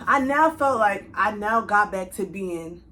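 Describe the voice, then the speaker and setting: A young woman telling a casual storytime straight to her viewers, chatty and animated, with speech. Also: mid-range voice, a little slow. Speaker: vlogger.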